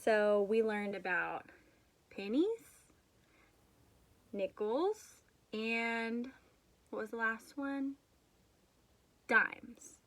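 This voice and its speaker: A woman's voice: a little high, steady tone, very slow, pauses often, fairly bright tone. A young woman teaching young children a remote math lesson, patient and encouraging, leading them through counting and chanted rhymes.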